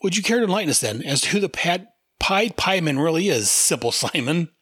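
A man's voice: on the high side, animated, fairly quick, a bit bright, husky, dry recording, studio quality, pitched above the performer's own voice. A man voicing a stern, bossy woman in charge while reading a comic aloud. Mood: sarcastic.

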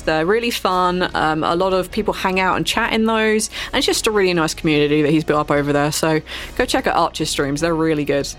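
A woman co-hosting a podcast in casual chat, rambling with lots of fillers and frequent laughter. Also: lowish voice. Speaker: podcast co-host.

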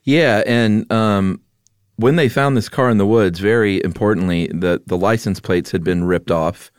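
Low, smooth-voiced man telling a story. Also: no echo, studio quality. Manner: relaxed narrator, steady with filler pauses. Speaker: podcast co-host. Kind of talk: casual conversational storytelling.

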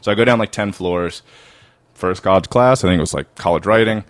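A man from Maryland with a faint Baltimore accent tells stories in a casual, animated way. His voice sits fairly low. It's close-miked and dry, with no room around it. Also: fairly quick, no room sound. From Maryland, USA. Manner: animated storyteller, slips into exaggerated voices. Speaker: comedian guest. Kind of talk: casual storytelling chat.

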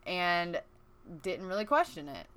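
Brief: woman co-host, smooth and slightly low, earnest. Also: very animated, unhurried, fairly bright tone. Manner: earnest, gives direct advice. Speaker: podcast co-host. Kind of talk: casual chat.

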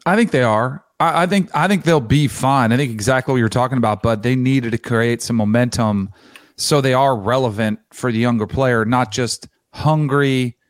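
A man's voice: medium pitch, moderate pace, no room sound, studio quality. A man co-hosting a sports podcast, easygoing and thinking aloud. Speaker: podcast co-host. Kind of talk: casual sports chat.

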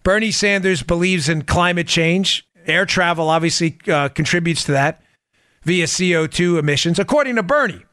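A man hosting a political podcast, delivering a sarcastic, animated commentary monologue. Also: normal speed, no echo, clean studio sound. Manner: animated, sarcastic, mimics people in high voices. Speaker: podcast host.

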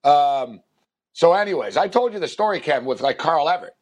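A man's voice: fairly high pitch, expressive, a little fast. A man telling a long, rambling anecdote on a sports podcast, full of fillers and acted-out quotes. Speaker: podcast co-host. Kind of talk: casual storytelling.

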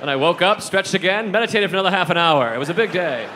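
A man's voice: sits high, expressive, quick pace. A man doing stand-up with a dry, laid-back delivery on a comedy club stage. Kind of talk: stand-up set. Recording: live club set with crowd and noise. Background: audience laughter.

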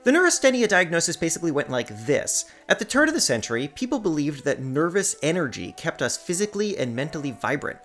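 A woman's voice: low-pitched, sing-song, fast talker, hardly any pauses, faint music behind. A woman hosting a podcast, narrating a script with wry, playful asides. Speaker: podcast host.

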